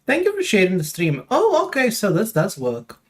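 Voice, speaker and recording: A man's voice: high voice, huge pitch swings, moderate pace, fairly bright tone. A young man chatting casually on a live stream, rambling with lots of fillers as he talks straight to his viewers.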